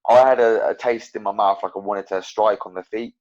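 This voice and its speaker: A young man who is a professional fighter talks a little fast in a voice on the low side. As an interview guest he rambles casually, telling stories animatedly with many fillers and restarts, and the podcast audio is dull lo-fi.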